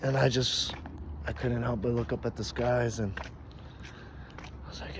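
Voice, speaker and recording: A man telling a comic story, acting out each character's lines and breaking into sudden loud outbursts. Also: medium pitch, steady tone, moderate pace, long pauses. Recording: dull lo-fi recording with faint noise.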